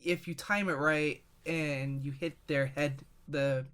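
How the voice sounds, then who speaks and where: A man's voice: a little high, steady tone, slow, a bit bright, clear, resonant tone. Guy on a gaming podcast just rambling thru a story, lots of ums and restarts. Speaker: podcast co-host. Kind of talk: casual gaming chat.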